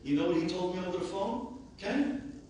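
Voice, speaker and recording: A man, a rabbi, giving an impassioned eulogy that swings between shouting and hushed speech. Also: high voice, normal speed, slight background noise. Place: large hall at a memorial gathering. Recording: very echoey hall, voice far from the mic.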